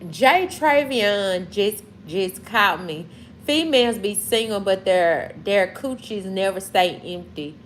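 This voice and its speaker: This Mississippi woman, hosting a livestream, has a mid-range voice with lively intonation, and there's slight background noise. She chats casually in a slow Southern drawl, answering comments and talking back to her chat.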